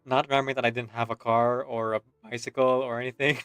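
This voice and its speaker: A man's voice: mid-range voice, flat delivery, fast, a bit bright, clear, resonant tone, no room sound, faint music behind. A man streaming a game, telling a rambling story in casual voice chat and laughing as he goes.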